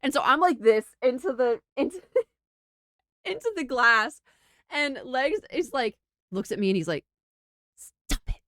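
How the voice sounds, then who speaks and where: A young woman chats to her stream with a high, bouncy voice that leaps all over the place as she laughs through a travel story. She's animated and giggly, packed with fillers. The sound is dry and close. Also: unhurried, pauses often, no echo. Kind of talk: casual storytelling to a livestream chat.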